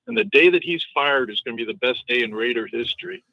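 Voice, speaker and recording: A man's voice: medium pitch, expressive, fast talker, no echo. A man calling into a sports radio show, agitated and talking over the host, heard over a phone line. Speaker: caller. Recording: muffled phone call on air.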